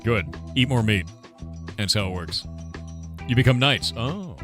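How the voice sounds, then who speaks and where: A man's voice: mid-range voice, lively intonation, unhurried, music in the background. A middle-aged American man streaming live, riffing and joking with his chat in loose banter. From United States. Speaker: game developer streamer.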